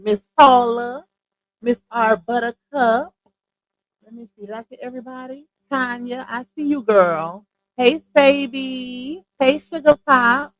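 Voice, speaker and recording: A woman's voice: fairly high pitch, fairly even intonation, a little slow, poor audio. A woman hosting a casual livestream, chatty and slangy, greeting viewers one by one and laughing easily. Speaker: livestream host.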